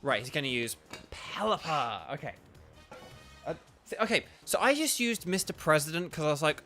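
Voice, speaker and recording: A man's voice: on the high side, big pitch swings, moderate pace, sharp tone, faint music behind. A man streaming a video game, chatting casually in a rambling, self-deprecating way. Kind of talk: casual let's-play commentary.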